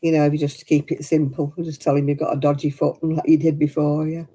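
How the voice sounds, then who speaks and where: A woman's voice: sits low, level tone, fast, warm tone, poor audio. A middle-aged woman chatting casually at home while she crafts. She tells stories and laughs often. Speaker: craft vlogger.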